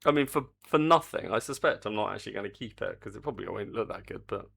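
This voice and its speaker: A man's voice: lowish voice, lively intonation, quick pace, vocal fry, fairly bright tone, breathy edge. An older man, chatting casually on a live stream while he works on a game, reading the chat aloud and swearing mildly.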